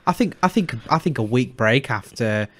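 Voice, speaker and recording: A man's voice: medium pitch, lively intonation, moderate pace. A young man, co-hosting a casual chat podcast and rambling with many restarts. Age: young adult. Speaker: podcast co-host.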